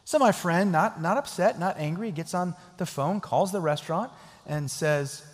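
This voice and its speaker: A man's voice: high voice, normal speed. Male pastor preaching, earnest, repeats his points, big echoey church sound. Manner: earnest, emphatic repetition, chuckles while telling stories. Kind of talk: sermon with storytelling and closing prayer. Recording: echoey hall reverb.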